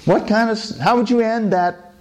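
A man telling parable-like stories in a relaxed, conversational way, then reflecting on them. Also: high-pitched, normal speed. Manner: relaxed, conversational storytelling with asides. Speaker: speaker. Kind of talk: storytelling talk.

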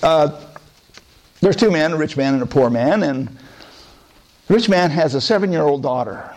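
A man telling parable-like stories in a relaxed, conversational way, then reflecting on them. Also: fairly high pitch, normal speed. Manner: relaxed, conversational storytelling with asides. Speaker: speaker. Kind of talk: storytelling talk.

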